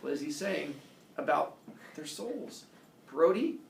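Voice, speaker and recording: A man's voice: fairly high pitch, sing-song, slow pace, vocal fry, a little hiss or hum. A man teaching a class, talking in a playful, theatrical way. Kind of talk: classroom lesson. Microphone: camera across the room. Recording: echoey classroom from far off.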